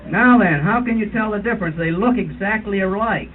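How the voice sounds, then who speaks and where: Casting: man playing a fussy older birding guide, high voice, tinny lo-fi 1970s tape with a faint hiss. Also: brisk, lightly acted. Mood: lecturing. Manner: mock-authoritative lecturing, imitates bird calls. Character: fussy older male birding tour leader. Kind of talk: comic impression at a roast dinner.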